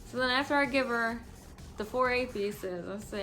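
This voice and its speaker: A tipsy woman vlogger telling a story in a casual, animated way and swearing freely. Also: a little high, moderate pace, faint music behind.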